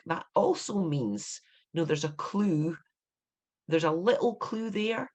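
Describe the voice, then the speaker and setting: Scottish woman author, 50s, lecturing writers; emphatic, animated, quick to indignation. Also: low-pitched. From Scotland. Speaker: author giving a writing talk. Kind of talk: instructive talk to writers.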